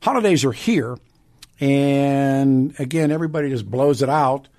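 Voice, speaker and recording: Older man, radio talk host, blunt and indignant, mid-pitched voice. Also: a little slow, darkish tone. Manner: blunt, indignant, rhetorical questions. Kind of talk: talk radio monologue and ad read.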